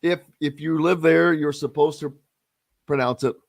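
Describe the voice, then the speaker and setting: A man, hosting a casual sports radio talk show with drawn-out, emphatic, opinionated delivery. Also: fairly high pitch, steady tone, vocal fry, no echo. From Southern Indiana.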